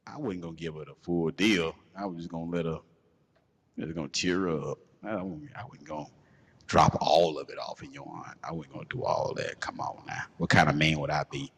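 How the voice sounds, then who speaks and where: Male co-host, husky, animated storyteller, slight reverb on the track. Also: extremely low pitch, fairly quick. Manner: animated, laughing, profane storyteller acting out quotes. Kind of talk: casual storytelling chat.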